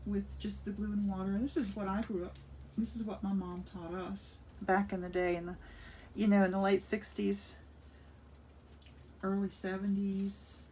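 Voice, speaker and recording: A woman's voice: medium pitch, little pitch movement, normal speed, warm tone, recorded from a distance. A woman in her sixties chatting enthusiastically as she demonstrates a craft, thinking aloud while she works. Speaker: art instructor. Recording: voice slightly off-mic with faint room noise.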